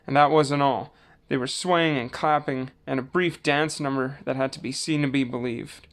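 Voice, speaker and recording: A man reading a children's book aloud in a relaxed way, with small slips and self-corrections. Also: mid-range voice, normal speed, few pauses. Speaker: storybook reader.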